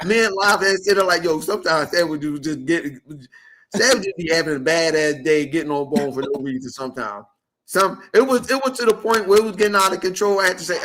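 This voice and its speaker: A man's voice: fairly high pitch, a little fast. A man hosting a podcast, telling a story in casual chat, swearing a lot and acting out what people said. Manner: animated storytelling, swearing, acts out quotes. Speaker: podcast host.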